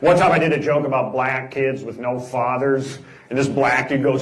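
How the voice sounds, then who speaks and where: A man's voice: medium pitch, steady tone, moderate pace, roomy sound, rough recording. A man performing a stand-up comedy set on a large theater stage, delivering punchy one-liners.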